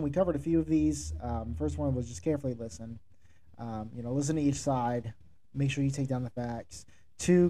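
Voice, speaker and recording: A man with a deep, very mellow voice hosts a podcast and coaches listeners. His delivery is direct and instructive. He sounds like a manager passing on hard-won advice. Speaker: podcast host, restaurant manager. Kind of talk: solo podcast monologue giving advice.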